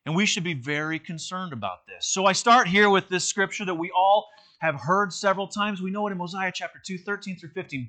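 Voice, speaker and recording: Bright-voiced man teaching a church class. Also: high voice, a little fast. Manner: conversational, many fillers and restarts. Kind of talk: interactive church lesson.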